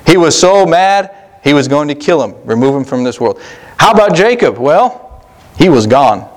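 A male pastor preaching a sermon in a folksy, conversational way, slowing down to stress key words. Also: fairly high pitch, very animated.

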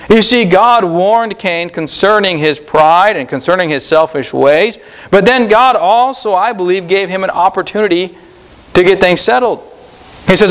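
A man's voice: sits high, animated, moderate pace, fairly bright tone. A man preaching an earnest sermon at a church service, rising for emphasis and repeating his phrases. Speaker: pastor.

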